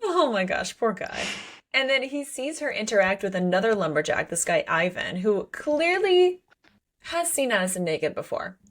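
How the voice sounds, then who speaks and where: Woman, podcast co-host, casual book chat, lively pitch, acts out lines. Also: normal speed. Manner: animated, acts out characters' lines.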